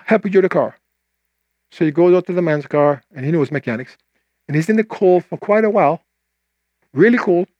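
An older man preaching a sermon, telling a story and voicing its people, then slowing down to read scripture. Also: no room sound, lo-fi sound. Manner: animated storyteller, quoting voices with rising pitch, slowing for scripture.

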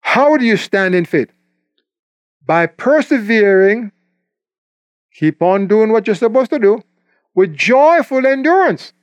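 A man preaching a sermon, emphatic, slipping into quick acted-out voices for the people and the devil he quotes. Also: high-pitched, lively intonation, no room sound.

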